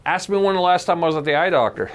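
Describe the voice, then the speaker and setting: Guy hosting a podcast, high voice, jokey rambling, lots of laughs. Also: expressive, rapid-fire. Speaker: podcast host. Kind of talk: casual chat.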